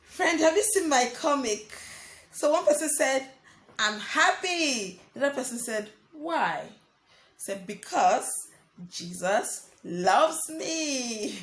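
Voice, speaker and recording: A young woman teaching small children, her voice rising and falling in a lively sing-song. She speaks slowly and a little high, repeating key words while writing on a board. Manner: slow, sing-song teacher talk addressing children as friends. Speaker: primary school teacher. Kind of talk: online lesson for young children.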